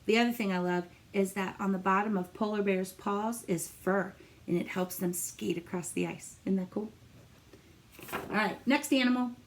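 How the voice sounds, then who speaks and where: A woman teacher reading a picture book aloud to young children, animated and encouraging as she asks them questions. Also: medium pitch, moderate pace.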